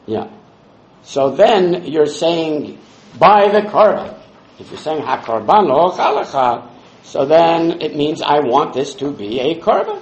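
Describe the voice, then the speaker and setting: A man teaching a Talmud class in a fairly high voice that rises and falls a lot. He works through the text step by step, quoting Hebrew and Aramaic phrases, and the room around him echoes. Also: wildly swooping pitch, slow, highs cut off.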